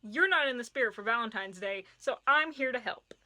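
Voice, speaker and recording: A woman's voice: on the high side, animated, quick pace, sharp tone. A woman playing a perky romance book fairy. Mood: bossy, playful. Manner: sing-song rhyming pep talk.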